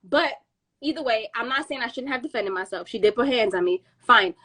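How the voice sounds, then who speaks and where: A woman's voice: fairly high pitch, a little fast. A woman in her thirties hosting a podcast, telling a story in casual chat with slang and swearing, acting out what people said. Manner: animated, acts out quotes with slang and swearing. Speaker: podcast host.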